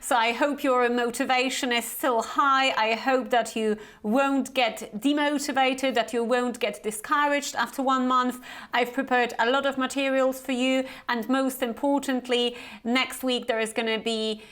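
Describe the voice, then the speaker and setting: A woman's voice: sits high, steady tone, unhurried, a bit bright. A young woman with a Polish accent teaching English pronunciation, speaking carefully and repeating each word so learners can copy it. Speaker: Business English trainer. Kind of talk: pronunciation lesson to camera.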